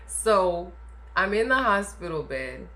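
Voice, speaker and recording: A woman's voice: lowish voice, very animated, slow pace, a bit bright. A woman casually telling a personal story to camera, chatty and emphatic, often adding "like" and "okay?". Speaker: vlogger telling her birth story.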